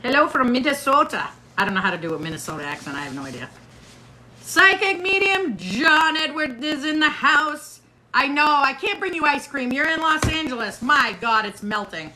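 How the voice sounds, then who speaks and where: A woman's voice: high voice, expressive, normal speed, sharp tone, a little hiss or hum. A middle-aged woman hosting a casual livestream, chatting playfully and reading out viewer comments while she waits for a guest. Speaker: livestream host.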